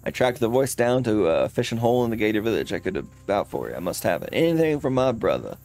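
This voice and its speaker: A man's voice: on the low side, very animated, fast talker, gravelly, darkish tone. A man voicing an odd, scheming male leather hunter with a British accent, drawling folksy lines and calling people mate over faint game music. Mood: rambling.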